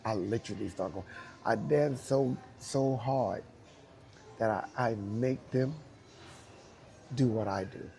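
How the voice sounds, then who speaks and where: A man with a New York accent, speaking to young dancers and telling animated stories with repeated emphasis and acted-out quotes. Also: medium pitch, slow pace, creaky, long pauses, faint music behind. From United States. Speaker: guest dancer speaking to students. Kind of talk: casual storytelling talk.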